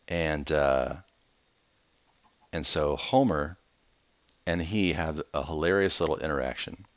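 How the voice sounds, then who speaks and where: A young man with a low voice talks over his gameplay in a chatty, rambling way. His pitch swings widely as he jumps into playful asides. The dry recording sounds a little dull and lo-fi. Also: no echo. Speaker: Minecraft let's player. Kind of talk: casual gameplay commentary.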